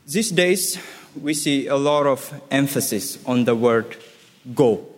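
A man preaching a sermon, emphatic and deliberate, repeating key words for effect. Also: mid-range voice, lively intonation. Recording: reverberant hall.

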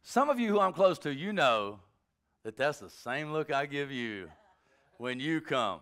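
A male pastor delivering a sermon with a lively, swooping delivery that jumps between jokes and rambling asides. His voice sits a little high for a man and has a bright, forceful edge. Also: a little slow, smooth. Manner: animated, joking, rambling asides.

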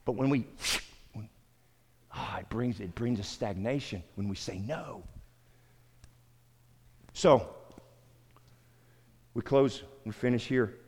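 This middle-aged Southern pastor delivers a conversational sermon to a small group, repeating himself and addressing listeners by name. His mid-range voice is darkish and slightly rough, moving slowly with frequent pauses in a long-reverb hall.

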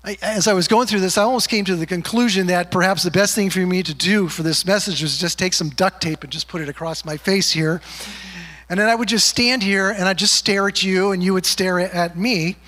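A man with a high-pitched voice preaching to a congregation. He keeps it conversational and teases his listeners, then slows down to read verses. His voice rings out into the long reverb of a church sanctuary. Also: bright, forceful tone. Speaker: pastor. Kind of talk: sermon.

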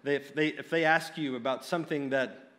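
A man's voice: mid-range voice, steady tone, brisk, fairly bright tone. Earnest male preacher in a reverberant hall. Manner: earnest, direct, with frequent restarts. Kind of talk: sermon.

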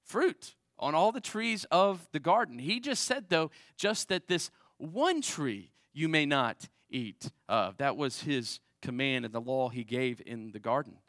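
A man preaching a sermon in a conversational way, often checking in with "right?", swinging between raised emphasis and quiet asides. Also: a little high, sing-song, a little slow, few pauses, dry recording, studio quality. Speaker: pastor.

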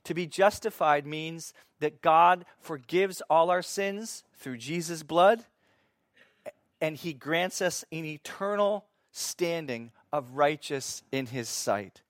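A man teaching from the Bible in a sermon, reading scripture slowly and asking his listeners questions that he then answers himself. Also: on the high side, no echo, clean studio sound. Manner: reads scripture slowly and deliberately. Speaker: preacher.

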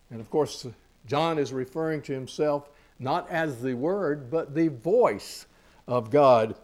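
A man preaching a sermon. He grows loud and slow when he reads scripture, drops quiet on asides, and repeats phrases for emphasis. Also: a little high. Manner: slows on key lines, repeats phrases.

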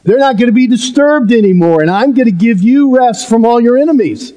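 A man's voice: extremely high pitch, expressive, brisk, dark tone. A male pastor preaching a sermon in an earnest, emphatic way, with playful asides.

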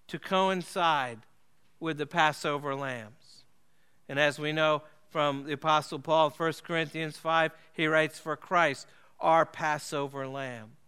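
A man preaching a sermon, earnest and emphatic, slowing and dropping his voice low to stress key phrases. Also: bright, forceful tone, clear, resonant tone.

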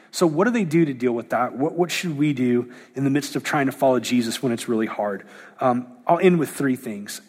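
A man preaching to his church in a slightly high, husky voice. He is animated and lively, slipping into playful impressions of others as he goes. The sound rings with a long hall reverb. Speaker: pastor. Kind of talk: sermon.

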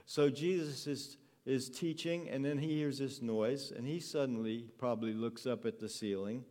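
A man's voice: medium pitch, normal speed. Earnest male preacher telling a story. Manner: earnest, storytelling delivery, soft and tender at times. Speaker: pastor. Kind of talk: sermon. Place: church hall with a congregation.

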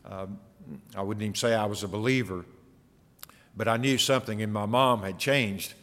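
A pastor preaching a sermon, earnest and full of rhetorical questions. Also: male voice, on the low side, normal speed, a bit bright. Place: church sanctuary. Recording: long hall reverb.

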